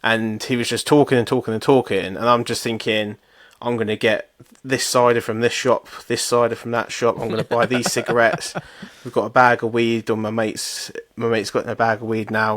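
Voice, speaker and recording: A man's voice: medium pitch, fairly bright tone, dry recording. A young man, a podcast co-host, telling self-mocking stories in casual chat and swearing freely.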